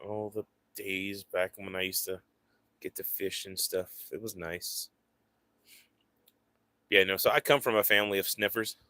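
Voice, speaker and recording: A man's voice: deep voice, fairly even intonation, measured pace, pauses often, bright, forceful tone, dry recording. A man hosting a casual livestream, rambling to his viewers and cooing at his pets. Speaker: livestream host.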